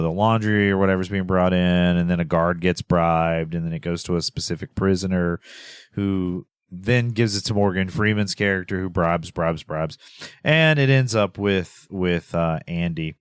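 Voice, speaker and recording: A man co-hosting a podcast talks through a film's plot in a relaxed, rambling way, dotting his speech with "uh" and "um." His voice sits on the low side. The close microphone sounds dry, with no room echo. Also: normal speed, clean tone. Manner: rambling with many fillers and laughs. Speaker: podcast co-host. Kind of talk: casual film recap chat.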